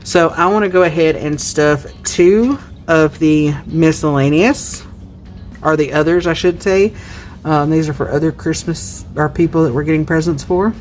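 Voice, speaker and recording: A woman in her thirties with a mild Southern accent and a low, grounded voice. She talks to her viewers in an easy, chatty way and counts out money aloud as she goes. Soft music plays faintly behind her. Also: normal speed. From Tennessee, US. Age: 30s. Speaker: budgeting YouTuber. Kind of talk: casual vlog chat while counting cash.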